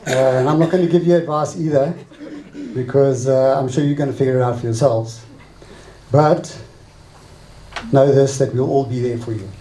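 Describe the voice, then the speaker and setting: A middle-aged man, the bride's father, giving a wedding speech with a joke and a short poem, in a relaxed storytelling way. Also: medium pitch, moderate pace, pauses often, roomy sound, rough recording. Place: wedding reception hall.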